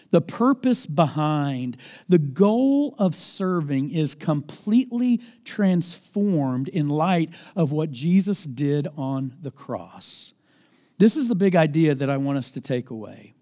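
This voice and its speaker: A man, a campus pastor, preaching a sermon with earnest, deliberate emphasis and an occasional self-deprecating aside. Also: high voice, dark tone. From United States.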